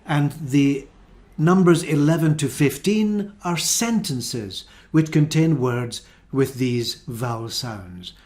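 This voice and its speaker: A man's voice: a little high, lively intonation, a little mellow. A man teaching an English pronunciation lesson, carefully enunciating pairs of words and giving instructions. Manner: deliberate, enunciates minimal word pairs.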